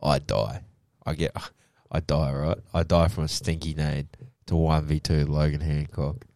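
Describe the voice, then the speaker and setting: A young Australian man with a very low voice tells stories in a loose podcast chat. He is animated and swears constantly. The sound is dry and close. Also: unhurried, no echo. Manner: animated storytelling, heavy swearing. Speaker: podcast co-host. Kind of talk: casual chat.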